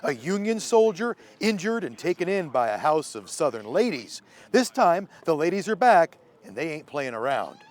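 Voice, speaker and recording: A man's voice: fairly high pitch, big pitch swings, moderate pace. A man hosting an entertainment show, presenting in an upbeat, showy scripted style. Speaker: host.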